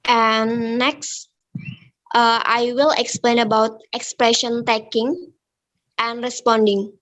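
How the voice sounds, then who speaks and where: A woman's voice: a little high, flat delivery, takes it slowly, a bit bright. A young woman with an Indonesian accent giving a student presentation, hesitant and full of fillers, switching between English and Indonesian. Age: young adult. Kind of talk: classroom presentation.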